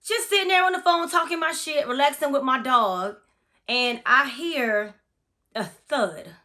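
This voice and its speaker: Bright-voiced woman telling a spooky story. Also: high voice, a little slow. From Florida. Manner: chatty, profane, dramatic storytelling. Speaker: massage therapist. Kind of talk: casual storytime vlog.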